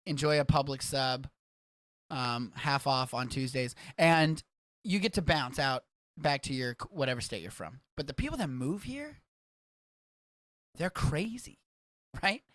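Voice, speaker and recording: A man from Texas hosting a casual livestreamed podcast, rambling and excitable, swearing freely as he talks. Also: mid-range voice, unhurried, pauses often, dry recording. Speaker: podcast host.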